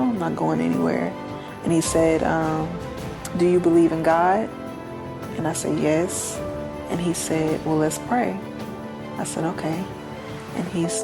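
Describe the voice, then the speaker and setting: A woman with a low, gravelly voice tells her story as an interview guest, speaking earnestly and acting out the voices of the people in it. Music plays clearly in the background. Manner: earnest, acts out quoted dialogue.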